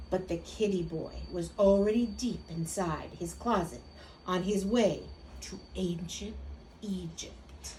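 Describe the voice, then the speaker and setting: A woman reading a picture book aloud to children as a teacher, pausing to ask them for predictions. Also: mid-range voice, warm tone, a little hiss or hum.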